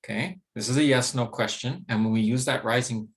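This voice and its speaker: A man's voice: mid-range voice, a little fast. A man giving a recorded pronunciation lesson, explaining steadily with frequent hedges like "sort of" and "maybe.". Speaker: English pronunciation teacher. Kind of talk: recorded lecture with slides.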